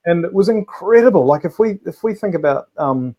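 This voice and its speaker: A man's voice: high-pitched, lively intonation, brisk, lo-fi sound, noisy background. A man co-hosting a casual live food show, talking in a rambling way full of restarts and fillers. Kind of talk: casual live-stream chat.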